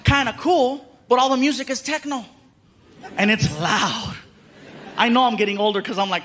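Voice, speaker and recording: A middle-aged man performing stand-up comedy, telling stories on stage with animated voices. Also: very high voice, moderate pace, a little hiss or hum. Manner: animated storytelling, frequent voices.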